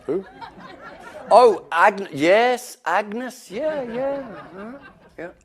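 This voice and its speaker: A wry man with a slow, lively voice. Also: high voice.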